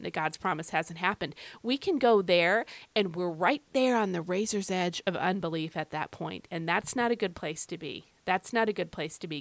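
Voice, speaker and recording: A woman's voice: mid-range voice, fairly bright tone, no room sound. A woman hosting a devotional Bible podcast, speaking emphatically and repeating key phrases as she talks straight to the listener. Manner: conversational, addresses listener directly. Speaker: podcast host.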